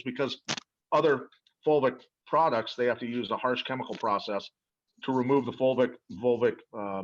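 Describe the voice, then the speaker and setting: A man's voice: medium pitch, dull audio. Earnest, emphatic middle-aged man. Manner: earnest, emphatic, repeats words as he talks. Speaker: interview guest. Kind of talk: animated storytelling about a product.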